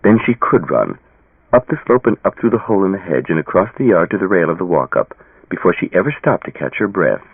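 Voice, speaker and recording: A man narrating an audiobook with a dramatic, expressive reading. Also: low voice, fairly quick, slightly rough, no room sound. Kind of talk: scripted narration. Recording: tinny phone-like audio.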